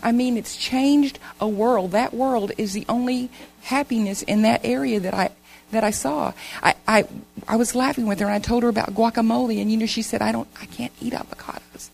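Woman, earnest church testimony, gravelly tone, faint background hum. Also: on the high side, steady tone, a little fast, a little mellow, rough recording. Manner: earnest, emotional storytelling. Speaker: church member giving a testimony.

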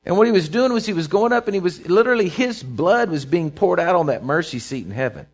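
A pastor delivers his sermon in a high, light voice, swelling loud through runs of repeated phrases and sinking quiet between them. The recording sounds muffled and lo-fi, like a church tape. He is a man preaching to his congregation. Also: animated, fast talker. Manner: preaching with rising and falling intensity, repeating phrases.

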